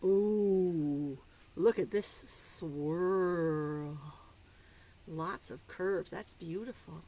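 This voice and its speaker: A woman's voice: on the low side, extremely slow, mellow, poor audio. A woman teacher reading a picture book aloud to small children, playful and coaxing, dropping to a whisper for the riddle clues. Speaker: preschool teacher.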